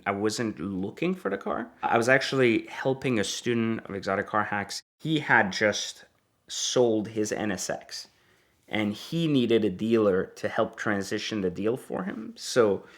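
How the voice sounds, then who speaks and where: A man's voice: on the low side, a bit bright. A man who deals exotic cars, telling a story in a casual, chatty way and filling it with "like.". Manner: chatty, heavy use of "like" fillers. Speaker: exotic car dealer.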